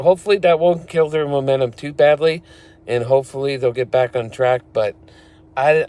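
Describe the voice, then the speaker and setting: A man's voice: medium pitch, a little mellow. A man recapping a wrestling show in casual, blunt, opinionated talk, now and then swearing. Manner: blunt and opinionated, swears, laughs at his own retellings.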